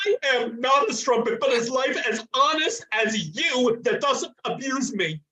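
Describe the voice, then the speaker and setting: A woman's voice: on the high side, animated, unhurried, crowd noise. A woman reading the part of a distressed, defensive young courtesan, faltering and stammering. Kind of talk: amateur play reading.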